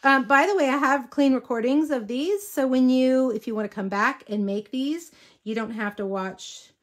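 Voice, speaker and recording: Chatty, higher-voiced woman demonstrating card stamping. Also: moderate pace. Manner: chatty and easily distracted, with asides to viewers and her dogs. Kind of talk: casual live craft tutorial. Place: home craft room with dogs around.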